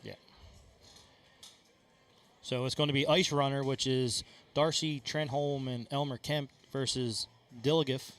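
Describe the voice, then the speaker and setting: A man giving live color commentary at a darts tournament, casual and quick with joking asides. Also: mid-range voice, fairly even intonation, a bit bright.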